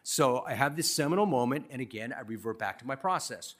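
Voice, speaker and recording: A man's voice: mid-range voice, a little fast. Punchy self-mocking man giving a speech. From Los Angeles. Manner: punchy, self-deprecating, animated storytelling. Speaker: commencement speaker. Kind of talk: motivational speech with storytelling. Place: university commencement ceremony.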